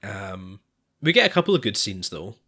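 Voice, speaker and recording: A man with a fairly low voice chats casually as a podcast co-host. He hesitates often, restarting his sentences and sighing between thoughts. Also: big pitch swings, normal speed, bright, forceful tone, husky. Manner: hesitant, lots of restarts and sighs. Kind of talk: casual chat.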